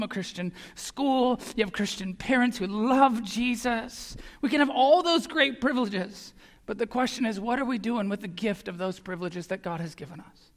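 A man preaching a sermon as pastor, earnest and emphatic, sometimes dropping to a hush. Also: very high-pitched. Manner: earnest, emphatic, drops to a hush on key lines. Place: church sanctuary. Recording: long hall reverb.

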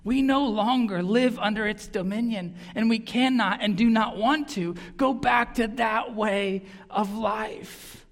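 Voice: medium pitch, measured pace, few pauses. Earnest preacher in a reverberant hall. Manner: earnest, emphatic preaching with repeated words. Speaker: pastor. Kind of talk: sermon. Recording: long reverb of a large hall.

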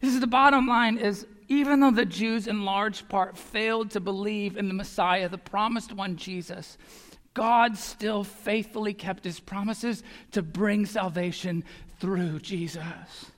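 A man preaching a sermon as pastor, earnest and emphatic, sometimes dropping to a hush. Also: high-pitched, steady tone, unhurried. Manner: earnest, emphatic, drops to a hush on key lines. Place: church sanctuary. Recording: long hall reverb.

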